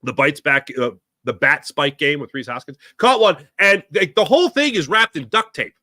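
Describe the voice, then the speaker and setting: A man hosting a solo sports talk show, ranting in an animated way and putting on voices for the people he quotes. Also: on the high side, moderate pace, no room sound, studio quality. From Philadelphia area.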